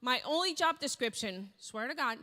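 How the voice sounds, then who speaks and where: A woman's voice: high voice, moderate pace. A woman speaker on stage telling a story with energy and acting out the voices of people she quotes. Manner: animated, acts out quoted voices. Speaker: keynote speaker. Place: large event hall. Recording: reverberant hall.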